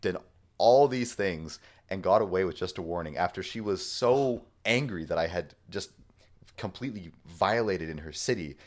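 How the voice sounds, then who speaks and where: Deep-voiced man telling a story. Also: moderate pace. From Washington state, US. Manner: animated, acts out people's lines in the story. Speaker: podcast co-host. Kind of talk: casual storytelling.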